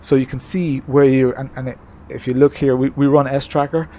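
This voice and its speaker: A man chatting casually on a live stream from his home racing setup, relaxed and talkative, answering chat with many hesitations. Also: mid-range voice, fairly quick. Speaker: streamer racing in a sim-racing league.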